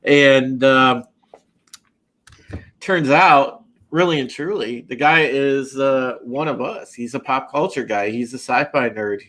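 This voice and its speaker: A man's voice: mid-range voice, slow pace, fairly bright tone. A man hosting a podcast and running a casual live-stream panel intro, loose and chatty with many fillers and restarts. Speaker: podcast host.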